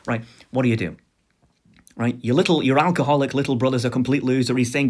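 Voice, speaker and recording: A man's voice: mid-range voice, quick pace, darkish tone. A man hosting a commentary video, casually walking through hypothetical scenarios with sarcastic asides and rhetorical questions.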